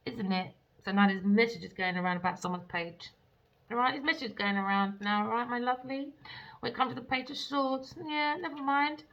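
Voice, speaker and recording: Woman tarot reader, sassy and theatrical, sharp gravelly voice, dull lo-fi audio. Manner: theatrical and sassy, with frequent swearing and pet names; swings between loud outbursts and low mutters. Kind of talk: tarot reading monologue. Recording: dull lo-fi recording.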